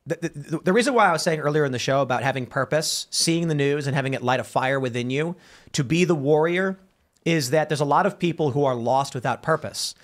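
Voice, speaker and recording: A man's voice: fairly high pitch, fairly quick. A man hosting a talk show, telling stories with lots of restarts and stumbles. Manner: animated storytelling with many restarts. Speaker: podcast host. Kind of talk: casual studio talk show.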